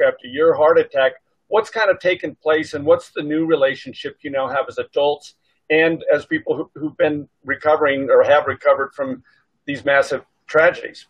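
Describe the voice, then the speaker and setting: A man with a husky, slightly higher voice, calmly restating a question for the guest. The sound is dull and dry, like it is coming through a remote line. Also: dry recording.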